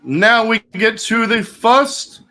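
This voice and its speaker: Guy co-hosting a football picks stream, slow and easy, kinda high voice. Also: bright, forceful tone. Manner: jokey, puts on playful British phrases. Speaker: co-host. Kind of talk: casual sports picks chat.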